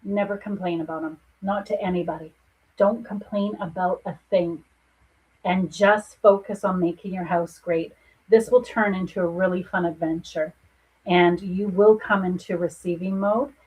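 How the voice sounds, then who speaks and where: Breathy woman giving soothing psychic readings. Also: on the low side, fairly even intonation, moderate pace, a little mellow, lo-fi sound. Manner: soothing, earnest, reassuring. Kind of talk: live spiritual reading to viewers.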